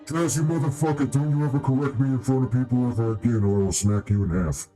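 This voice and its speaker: A boastful Hutt crime lord holds court, as a man puts him on for a tabletop group. He rambles in a grand, self-important way, tripping over his own words. The voice is mellow and dark, at an even middle pitch. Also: fast talker, soft background music, close to an everyday voice, low-quality recording. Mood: threatening. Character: pompous male Hutt crime lord, boastful and short-tempered. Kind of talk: tabletop role-play voicing.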